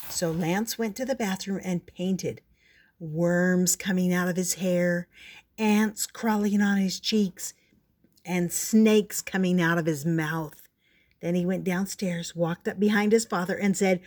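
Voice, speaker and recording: Older woman, storybook reader, slow and gentle delivery. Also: on the low side, steady tone. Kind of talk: reading a picture book aloud.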